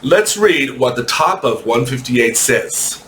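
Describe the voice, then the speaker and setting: Slow, patient male English teacher. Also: medium pitch, big pitch swings, a bit bright, a little hiss or hum. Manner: slow, patient, reads text aloud and corrects himself. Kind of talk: recorded English lesson for children.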